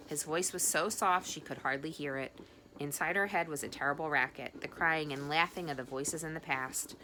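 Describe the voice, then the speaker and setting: A woman reading a novel aloud, expressive, with the occasional slip. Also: low-pitched, normal speed, creaky, a little hiss or hum. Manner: expressive, with small slips. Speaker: audiobook reader. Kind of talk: audiobook narration.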